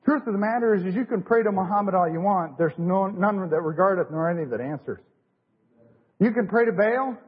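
An excitable male preacher with a very high, husky voice delivers a fervent sermon, circling back again and again to his pet phrases. He speaks from a church sanctuary with a long reverb trailing his words, and the recording sounds dull and lo-fi. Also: brisk. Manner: excitable, repeats "hey, listen" and "you know what". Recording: echoey hall, muffled lo-fi recording.

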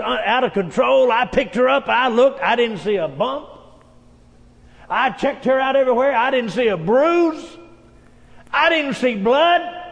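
Male pastor, high voice, storytelling sermon style, recorded in an echoing hall. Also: vocal fry. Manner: folksy storytelling preacher, frequent amens.

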